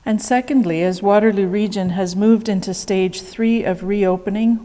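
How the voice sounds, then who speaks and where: A woman, a worship leader giving church announcements and leading prayer in a calm, measured way. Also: fairly low pitch, big-room sound. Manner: calm, measured, reads prayer responses slowly.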